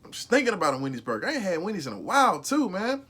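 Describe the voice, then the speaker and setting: A man giving a casual, emphatic fast food burger ranking, slangy and profane, often repeating himself. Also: high voice, wildly swooping pitch, fairly bright tone, husky. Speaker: food reviewer vlogger.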